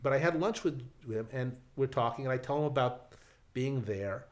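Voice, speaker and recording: A man telling a casual anecdote in an animated way, acting out the people in it. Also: medium pitch, moderate pace. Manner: animated, acts out quoted voices, restarts. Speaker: storyteller guest.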